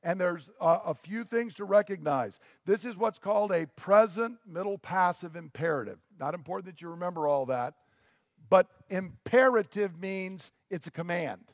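A man's voice: high-pitched, lively intonation, moderate pace, no room sound, studio quality, long reverb tail. A pastor preaching a sermon to his congregation, earnest and teaching, with rhetorical questions.

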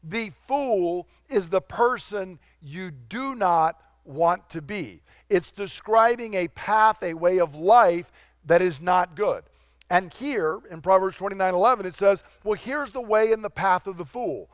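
A male pastor preaching a sermon in a conversational way, slowing down to stress key phrases. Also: high voice, expressive, dry recording, studio quality.

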